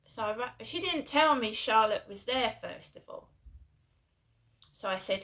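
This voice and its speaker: Woman vlogger, middle-aged, from England, rambling, fillers and restarts, bright voice, somewhat high. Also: expressive, unhurried, long pauses. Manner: rambling, repeats herself, many fillers and restarts. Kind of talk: rambling personal storytelling.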